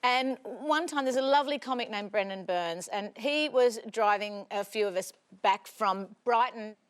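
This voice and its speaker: An Australian woman comedian telling comic stories, animated and self-mocking, often breaking into laughter. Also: medium pitch, normal speed, clean tone. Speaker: comedian guest. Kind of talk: comic storytelling.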